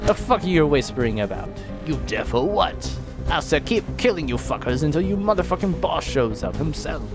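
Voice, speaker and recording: An actor playing an enraged man with a knife who curses, threatens and demands to see the boss, over loud game music. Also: on the high side, big pitch swings, moderate pace. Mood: raging. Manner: shouting, cursing, threatening.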